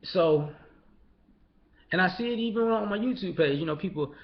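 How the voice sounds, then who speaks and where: A man's voice: sits high, expressive, normal speed. A man giving a casual, blunt, profane monologue, sometimes mocking others in put-on voices. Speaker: commentator. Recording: dull lo-fi recording.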